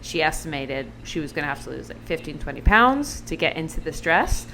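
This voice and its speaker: A woman's voice: low voice, sing-song, fairly quick, vocal fry, pushed and bright, slight background noise. Chatty woman podcast co-host. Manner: chatty, lots of "like" fillers, laughs often. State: recovering from surgery, still on medication. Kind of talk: casual chat.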